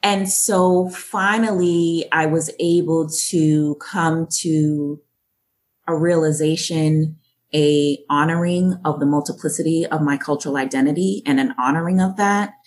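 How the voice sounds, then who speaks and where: Low-voiced reflective woman from Jamaica. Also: steady tone, a little mellow. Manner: thoughtful, measured storytelling. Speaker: guest. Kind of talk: reflective interview answer.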